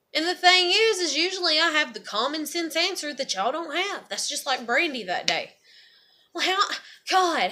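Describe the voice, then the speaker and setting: A woman's voice: sits high, bright, forceful tone. A woman, venting bluntly in a raw, profane, heartfelt monologue. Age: 30s. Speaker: vlogger.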